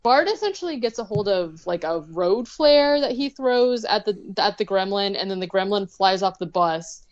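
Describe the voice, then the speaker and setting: A woman's voice: medium pitch, animated, normal speed, lo-fi sound. A woman co-hosting a podcast, casually recapping an episode and padding her sentences with "like" and "um". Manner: chatty, leans heavily on "like" and "um". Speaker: podcast co-host.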